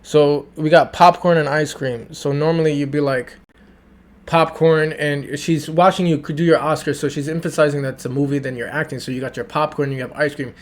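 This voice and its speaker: A man's voice: on the high side, fairly even intonation, brisk, hardly any pauses. A man reacting to and breaking down a song in a casual, enthusiastic review, often repeating himself and singing along. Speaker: music reviewer.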